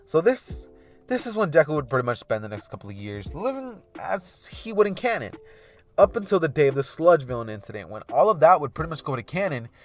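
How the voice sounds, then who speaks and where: A man's voice: fairly high pitch, very animated, a little fast, soft background music. A man casually narrating a what-if fan story, rambling with loose filler phrases.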